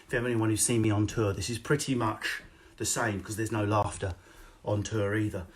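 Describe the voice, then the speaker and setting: A man doing a live stand-up set streamed online, ranting loudly and swearing, then dropping to mutters. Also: fairly low pitch, little pitch movement. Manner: loud, sweary, rapid comic rant with sudden drops to mutters. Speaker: stand-up comedian. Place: at home, no audience.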